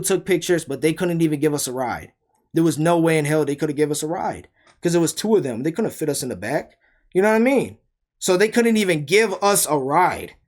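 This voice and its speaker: A young man telling a story in a casual rant, heated and emphatic, full of rhetorical questions. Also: fairly high pitch. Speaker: storyteller vlogger.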